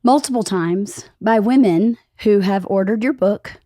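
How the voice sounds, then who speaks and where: A woman hosting a podcast, her voice a bit squeaky from a cold, telling stories in an enthusiastic, chatty way. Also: measured pace, warm tone, dry recording, clean studio sound. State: recovering from a cold. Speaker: podcast host. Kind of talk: casual chat.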